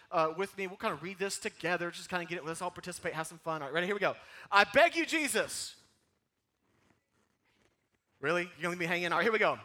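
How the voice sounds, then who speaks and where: A man preaching a sermon, animated and emphatic, coaxing the congregation to repeat lines with him and sometimes pleading. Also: sits high. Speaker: pastor.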